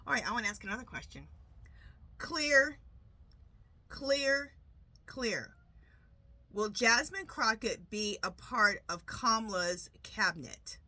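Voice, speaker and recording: A woman hosting her own tarot channel in a casual, rambling vlog chat, full of quick asides. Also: mid-range voice, bright, forceful tone, no echo. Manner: asks a pendulum questions, repeating "clear". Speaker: tarot reader and channel host.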